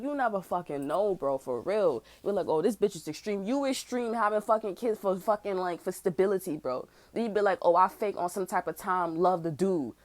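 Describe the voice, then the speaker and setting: A woman in her twenties ranting in heated, unscripted talk, swearing a lot and saying "bro" at nearly every turn. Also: mid-range voice. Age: 20s. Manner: profane, heated, says "bro" constantly. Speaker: tarot channel host. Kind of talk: casual unscripted rant.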